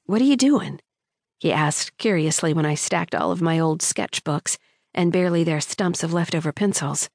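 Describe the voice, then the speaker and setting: Low-voiced woman narrating an audiobook. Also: fairly even intonation, gravelly, dry recording, clean studio sound. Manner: measured, storytelling delivery. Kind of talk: scripted first-person narration.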